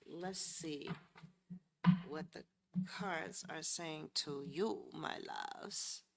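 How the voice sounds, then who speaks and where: A woman reads tarot cards in a loose, chatty way, cursing freely and speaking straight to her viewers. Her voice sits a little low but sounds bright, and she takes her time. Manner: blunt, profane and chatty; addresses viewers directly and warmly. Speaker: tarot reader. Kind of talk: casual live tarot reading.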